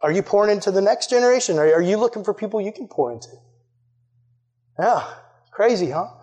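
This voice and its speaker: A man's voice: sits high, expressive, a little fast, a little mellow. A young man preaching a sermon to teenagers, earnest and conversational, with frequent fillers and direct questions to the audience. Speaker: youth pastor.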